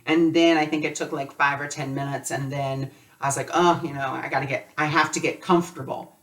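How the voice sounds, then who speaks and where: A man's voice: fairly high pitch, fairly even intonation, fairly quick, a bit bright, recorded from a distance. A man teaching a spiritual lesson in a loose, conversational way, telling personal stories with lots of casual fillers.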